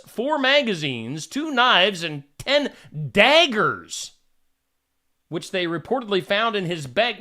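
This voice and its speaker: A man's voice: high voice, pushed and bright. A male host reading odd news stories aloud and adding wry asides between them.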